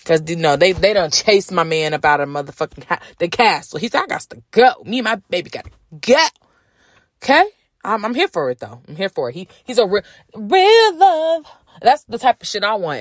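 A woman's voice: mid-range voice, sharp tone, no room sound. A woman hosting a casual celebrity gossip podcast, brash and profane, ranting and joking. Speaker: podcast host.

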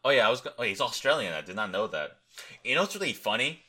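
A man's voice: medium pitch, very animated, fast talker, bright, forceful tone. A young man hosting a podcast alone, tired and rambling, joking crudely and thinking aloud as he looks things up. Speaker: podcast host. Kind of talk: rambling solo podcast chat.

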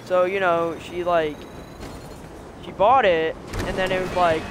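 A young man telling a weird dream in casual podcast chat, excitable and full of "like". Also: high-pitched, a little slow, pauses often, noisy background. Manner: excitable, lots of "like", laughing while telling. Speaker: podcast co-host.

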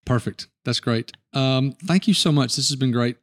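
A man's voice: medium pitch, moderate pace. A middle-aged man hosting a podcast interview in casual chat, talking in loose, rambling sentences with restarts. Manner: relaxed, rambling storyteller with restarts. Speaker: podcast host.

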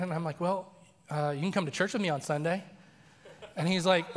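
A man preaching a sermon as a story, animated and acting out the voices he quotes. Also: high voice, fast talker. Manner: animated, acts out quoted voices, laughs often. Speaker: pastor. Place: church sanctuary. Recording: long reverb of a large church hall.

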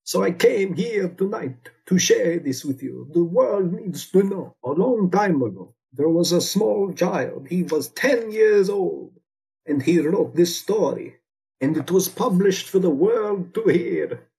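A man's voice: sits high, lively intonation, a little slow, creaky, dark tone, full character voice, low-quality recording. A man putting on a pompous, melodramatic vampire count for a comedy podcast, speaking over a remote computer call. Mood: grandiose. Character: theatrical male vampire count, grandiose and bossy. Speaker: guest. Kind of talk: comedic podcast role-play.

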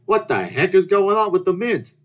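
A man's voice: high-pitched, sing-song, normal speed. A young man hosting a casual storytelling podcast, rambling and joking with restarts and mock-outraged rants. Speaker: podcast host.

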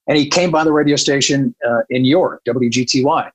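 Husky man telling a story casually. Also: medium pitch, brisk, rough recording. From northern United States. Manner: candid, animated, swears freely. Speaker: radio programmer telling a story.

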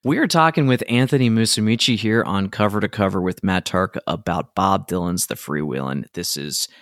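A man hosting a music podcast, talking in a measured, thoughtful way with occasional fillers. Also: deep voice, fairly bright tone, no echo, clean studio sound. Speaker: podcast host. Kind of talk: casual music podcast chat.

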